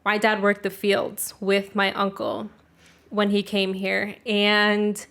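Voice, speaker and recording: A young woman speaking at a middle pitch, chatting casually as a podcast co-host. Her talk is loose and profane, with 'like' in almost every breath. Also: completely flat delivery, slow pace, vocal fry, fairly bright tone. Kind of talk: casual storytelling chat.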